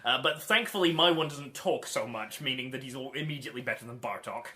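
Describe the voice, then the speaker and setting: A man arguing his side in a casual film podcast, with a bright, forceful tone. He is wry and a little combative, making his points with dry jabs. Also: mid-range voice, fast talker. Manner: wry, argumentative. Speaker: podcast co-host. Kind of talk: casual movie debate chat.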